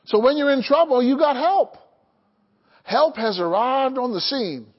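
Very high-voiced preaching man. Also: lively intonation, a little slow, muffled recording. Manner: call-and-response preaching, asks the congregation to answer. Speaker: pastor. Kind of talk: sermon.

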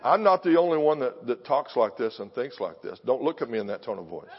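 In a church sanctuary with soft music in the background, an older man gives a sermon in a medium-pitched, sing-song voice at a fairly quick pace. He's punchy and confrontational, firing questions at the congregation, and the audio is dull with a long hall reverb.

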